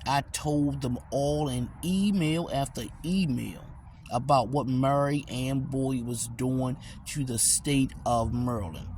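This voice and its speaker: A man's voice: mid-range voice, takes it slowly, darkish tone, a little hiss or hum. A man ranting in a rambling, repetitive, profane way as a TikTok vlogger, recorded on a phone. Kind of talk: rambling profane rant to camera.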